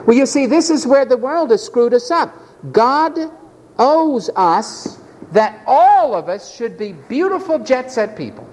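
A man preaching a sermon, impassioned, swinging between shouted lines and low murmurs. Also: takes it slowly, slight background noise, low-quality recording.

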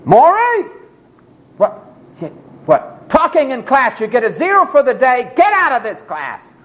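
A man's voice: a little high, extremely slow. A man voicing an angry male teacher who barks short orders at a student. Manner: barking, abrupt. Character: angry male algebra teacher, shouting, hostile.

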